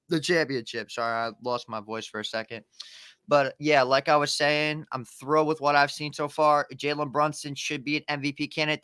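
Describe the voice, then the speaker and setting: A man's voice: a little high, pushed and bright, smooth, no echo, clean studio sound. A man appearing as a guest sports content creator on a video call, cocky and brutally frank in casual chat. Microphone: webcam on a video call.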